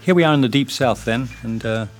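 A man's voice: mid-range voice, a little fast, faint music behind. Older Englishman, interview guest, digressive and self-mocking. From England. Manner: rambling, self-deprecating, many fillers. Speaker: guest, writer. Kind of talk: interview with reading.

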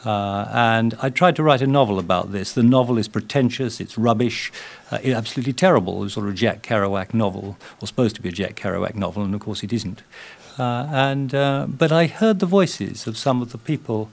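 A man's voice: fairly low pitch, moderate pace, vocal fry. Older Englishman, interview guest, digressive and self-mocking. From England. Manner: rambling, self-deprecating, many fillers. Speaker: guest, writer. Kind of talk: interview with reading.

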